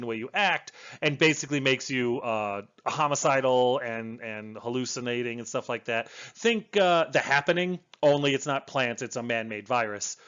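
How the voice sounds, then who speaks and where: A man talks through a book in a casual, rambling way, full of restarts and asides. His voice sits at an ordinary middle pitch. The recording is dull and lo-fi, like a home setup. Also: fairly bright tone. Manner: enthusiastic, rambling with fillers and restarts. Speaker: book reviewer. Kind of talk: casual spoken book review.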